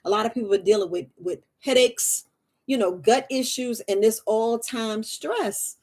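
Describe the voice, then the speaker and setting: Woman herbalist on a live, kinda high voice, laughs a lot, keeps repeating stuff. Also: moderate pace, darkish tone. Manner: chatty, laughs often, repeats phrases. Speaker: herbalist hosting a live stream. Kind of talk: casual live-stream talk to viewers.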